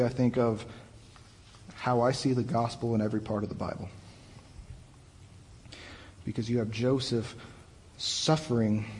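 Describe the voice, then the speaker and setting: A young man, a youth pastor, preaching a conversational sermon that retells the story in his own casual words. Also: medium pitch. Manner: conversational, animated retelling with restarts. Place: church hall. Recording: long hall reverb.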